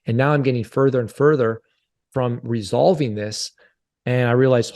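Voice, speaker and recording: A podcast guest in his forties tells a personal story in a candid interview, earnest and confessional, often repeating his phrases. His voice is medium-pitched and darkish, at a moderate pace.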